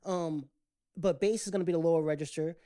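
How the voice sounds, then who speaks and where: A man co-hosting a casual podcast, with a fairly high tenor voice, rambling and restarting his sentences often. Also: steady tone, fast, warm tone, smooth. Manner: rambling, with many restarts and repeated words. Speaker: podcast co-host.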